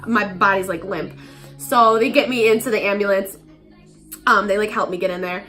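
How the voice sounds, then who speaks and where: A woman's voice: medium pitch, moderate pace, pushed and bright, faint music behind. A young woman telling a casual storytime vlog, chatty and filled with "like", acting out the voices of people in her story. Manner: chatty, heavy use of "like", acts out quotes. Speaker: vlogger.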